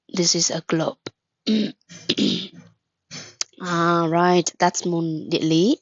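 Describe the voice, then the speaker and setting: A woman with a fairly low voice teaches an English lesson on a dry, lo-fi recording. She is patient, asks questions and then praises, spells words out, and glosses them in Vietnamese, her mother tongue.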